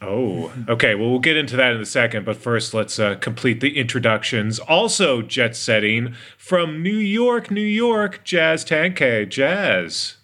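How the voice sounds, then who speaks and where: A man's voice: medium pitch, animated, unhurried, few pauses, bright, forceful tone. A man hosting an awards podcast roundtable, upbeat and teasing, with rambling asides. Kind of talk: casual roundtable chat.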